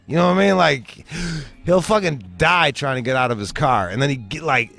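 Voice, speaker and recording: A man's voice: mid-range voice, fairly quick, gravelly, soft background music. A young man hosting a show, telling a story as a profane comedic rant and acting out the voices he quotes. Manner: animated storytelling, acts out quoted voices, swears heavily. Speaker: host.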